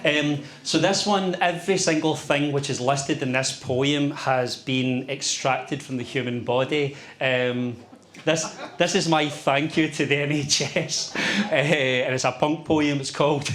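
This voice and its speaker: A man's voice: a little high, steady tone, unhurried, a bit bright. A male poet performing a poem live on stage, rattling off lists in a rhythm and adding amused asides. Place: bar venue, live event. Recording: echoey room with faint noise.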